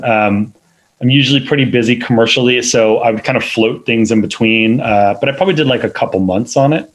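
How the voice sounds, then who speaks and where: In a poor-quality recording, a man with a mid-range voice talks casually in an interview. He's a film editor and a parent of two little kids, and he rambles with lots of fillers and restarts.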